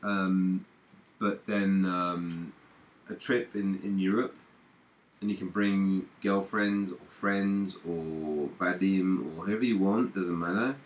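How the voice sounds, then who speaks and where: Low-pitched male stream host, rambling casual chat. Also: steady tone, takes it slowly. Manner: rambling, repeats words, laughs often.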